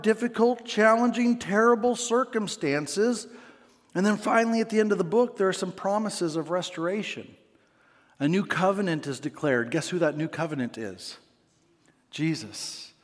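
A man's voice: sits high, long reverb tail. A male pastor preaching a sermon in a church, talking conversationally and asking his congregation rhetorical questions.

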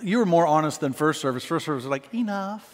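A man preaching a sermon as pastor to a church congregation, animated and acting out scenes. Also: fairly high pitch, quick pace. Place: church sanctuary. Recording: long reverb of a church hall.

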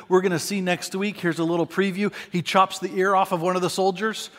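Pastor, male, high voice, animated sermon delivery in a reverberant sanctuary. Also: brisk, few pauses. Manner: animated preaching, acts out scenes. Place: church sanctuary. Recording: long reverb of a church hall.

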